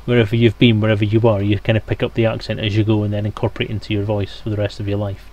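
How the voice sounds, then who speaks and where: A man's voice: lowish voice, monotone, rapid-fire, darkish tone, highs cut off, a little hiss or hum. Chatty British man streaming a game. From Scotland. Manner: chatty, talks to viewers in chat as he plays. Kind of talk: casual live-stream gaming commentary.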